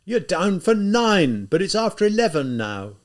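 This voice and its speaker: A man voicing a quick-tempered police lieutenant who shouts and bullies, in an audiobook reading. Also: fairly high pitch, expressive, voice pushed up. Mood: bawling. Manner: shouting, bullying.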